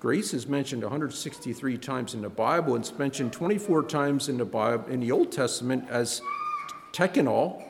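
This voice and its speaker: Man, preacher, sermon, halting, repeats words, lifts voice for emphasis, reverberant church, faint background noise. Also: mid-range voice, animated, vocal fry. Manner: halting, repeats words, rises when stressing points.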